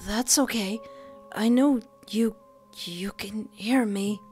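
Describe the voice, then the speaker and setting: Brief: wounded lonely young man, voiced by a woman, breathless and pleading, slow and quiet. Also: medium pitch, soft background music, lightly acted. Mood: weak, fading. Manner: soft, breathless, halting and pleading.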